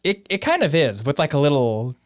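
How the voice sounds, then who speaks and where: A young man joking around in a relaxed chat, teasing and laughing easily, his pitch jumping high and low. The voice sits close and dry on the mic. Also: fairly quick, no echo. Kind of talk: casual chat.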